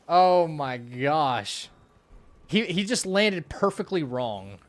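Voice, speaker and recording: Young male streamer, slightly high voice, rambling and laughing, mutters to the game. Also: expressive, slow. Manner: laughs often while telling stories. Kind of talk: casual live-stream chat.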